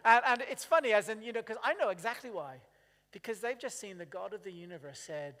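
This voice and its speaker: A man's voice: high-pitched, animated, a little fast, sharp tone. A man preaching a sermon, chatty and full of questions to the congregation. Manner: chatty, asks the congregation questions, acts out quotes. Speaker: pastor. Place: church. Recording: long reverb of a church hall.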